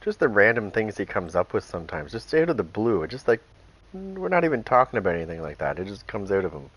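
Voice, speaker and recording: Amused rambling man, slightly low voice. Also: big pitch swings, fast, a bit bright, breathy edge. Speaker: gaming streamer. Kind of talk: casual storytelling chat.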